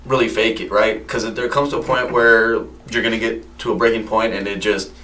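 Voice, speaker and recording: A man's voice: on the low side, fairly even intonation, fairly quick, pushed and bright, far from the mic, low-quality recording. A man hosting a casual podcast chat, laughing often and stumbling over repeated words. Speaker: podcast host.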